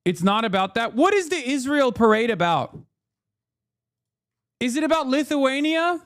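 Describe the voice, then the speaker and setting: A man's voice: very high-pitched, sing-song, moderate pace, a bit bright, clean tone. A man livestreaming his reactions to news clips, ranting in a heated, profane and sarcastic way. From United States. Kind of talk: live reaction commentary.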